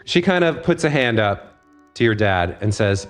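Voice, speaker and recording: A man's voice: lowish voice, lively intonation, normal speed, faint music behind. A man narrating a tabletop game as game master in a loose, conversational way.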